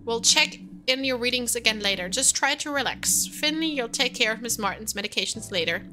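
A woman voicing a brisk, bossy female hospital doctor who leads rounds in a game, with clipped, commanding lines. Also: on the high side, expressive, bright, forceful tone, slight background noise.

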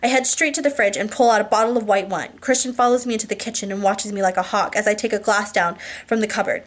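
With a medium-pitched, steady voice, a woman reads a novel written in the first person. She slows for emphasis, adds little asides, and fixes any words she stumbles on.

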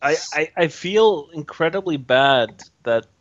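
A man's voice: fairly high pitch, lively intonation, measured pace, no echo, dull audio. A man playing a tabletop game, joking at himself and stammering as he chats. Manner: self-mocking, stammering repeats. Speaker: player. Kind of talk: casual chat while playing.

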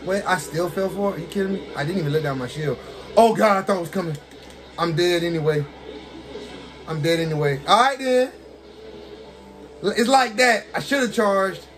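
A man casually commentating his own fighting game match, excitable, talking to the characters on screen and laughing often. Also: high voice, moderate pace, pauses often, over music. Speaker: gaming streamer.

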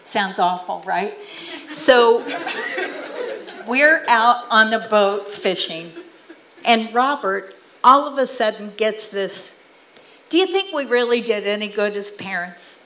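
A middle-aged woman, appearing as a guest speaker, tells family stories to a church audience, animatedly acting out what her relatives said. Her mid-range voice is slow and she pauses often. The audio is poor.

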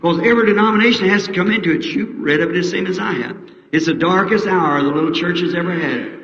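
A middle-aged American man preaching a revival sermon, folksy and fervent, rising to high emotional peaks. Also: fast, fairly bright tone, lo-fi sound. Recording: 1960s archive tape in an echoey hall.

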